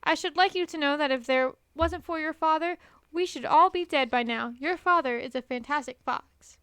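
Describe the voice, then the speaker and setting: A loving mother fox from a children's storybook, tender and anxious for her little ones, as a woman reads her aloud. Her voice is high and bright in a dry, close sound. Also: moderate pace, dry recording. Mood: proud.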